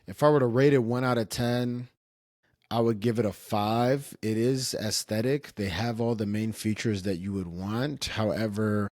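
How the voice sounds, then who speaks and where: A man's voice: lowish voice, darkish tone, dry recording, studio quality. A man streaming casual commentary in a rambling, self-interrupting way, often trailing off and restarting.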